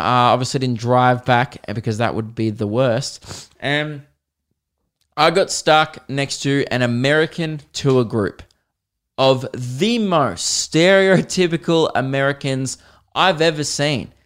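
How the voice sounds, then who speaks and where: Brief: young Australian man, solo comedy podcast host, worked-up exasperated rant, mid-pitched voice. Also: clear, resonant tone. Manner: animated, exasperated ranting with swearing.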